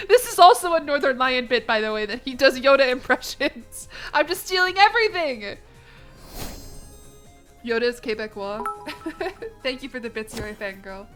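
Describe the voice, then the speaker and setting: A woman's voice: high voice, expressive, normal speed, pauses often, fairly bright tone, faint music behind. Joking young American woman streamer. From United States. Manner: joking, self-mocking, laughs often. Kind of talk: casual live-stream gaming commentary.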